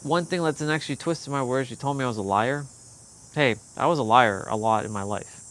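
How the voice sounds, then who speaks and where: A man's voice: mid-range voice, brisk, fairly bright tone, slight background noise. Young adult male vlogger, raw and candid, recounting a past fight. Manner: candid, swearing, quoting others in heated bursts. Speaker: fitness vlogger. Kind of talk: emotional personal storytelling.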